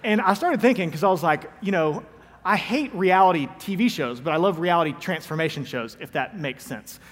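A man's voice: high-pitched, animated, fairly quick, a bit bright, long reverb tail. A man in his thirties, a pastor preaching a conversational sermon in a church, joking and poking fun at himself. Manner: joking, self-deprecating storyteller. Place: church sanctuary.

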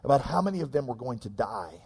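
A man, preaching a sermon in an animated, joking, self-deprecating way. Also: mid-range voice, fast, husky, in a large hall. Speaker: pastor.

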